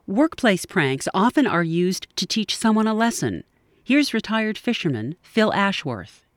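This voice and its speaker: A man narrating a scripted radio segment in a measured way. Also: high-pitched, sing-song, no echo.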